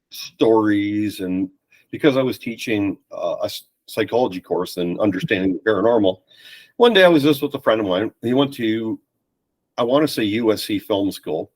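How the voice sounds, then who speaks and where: A man with a lowish voice, heard in poor audio, is a guest on a podcast. In casual conversation he tells animated stories, acting out other people's lines in their voices.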